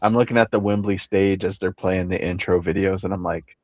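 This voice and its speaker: A man with a very low voice weighs in calmly on a wrestling match, measured and unhurried in his points. His audio sounds a little dull and dry. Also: dry recording. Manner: calm, measured analysis with brief agreeing interjections. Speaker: podcast co-host. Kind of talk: casual wrestling review chat.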